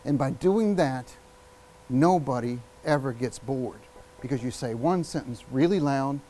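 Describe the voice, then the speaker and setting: A man giving a live public speaking workshop, energetic and emphatic, shifting his speed and volume and using long pauses. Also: medium pitch, slight background noise, poor audio. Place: workshop room with an audience.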